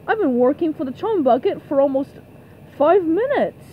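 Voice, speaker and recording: A woman's voice: high voice, lively intonation, phone-quality sound, a little hiss or hum. A woman voicing a dim-witted, cheerful male starfish in a cartoon fan dub. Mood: smug. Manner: dopey, slow.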